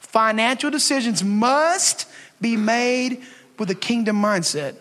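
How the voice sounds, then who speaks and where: A man's voice: very high-pitched, expressive, slow, a bit bright. A man preaching a casual, emphatic sermon as pastor, talking to the congregation and acting out his prayers to God. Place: church sanctuary. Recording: long reverb of a church hall.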